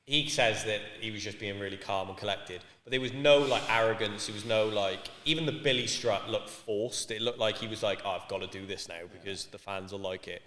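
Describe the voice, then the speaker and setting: Man, from Wales, podcast co-host, casual banter, bright tone, echoey room with long reverb. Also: fairly low pitch, fairly quick, few pauses. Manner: sweary, animated storytelling.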